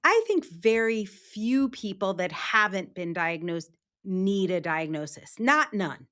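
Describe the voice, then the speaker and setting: A woman talking as a guest on a podcast, telling lively stories from her own life. She acts out the people in them with quick little voices. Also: mid-range voice. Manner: animated storyteller, acts out quoted voices. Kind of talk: casual interview talk.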